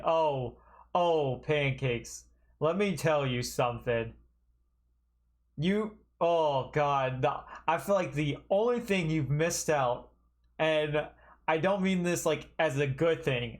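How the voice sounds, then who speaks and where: A streamer chatting casually while playing a game, rambling and correcting themself. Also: medium pitch. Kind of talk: casual let's-play commentary.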